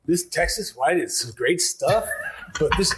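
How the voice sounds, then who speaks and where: A man's voice: on the high side, animated, a little slow, a bit bright. A man putting on an attempted Irish accent, voicing a blunt Irish man, a traveler who loves wine.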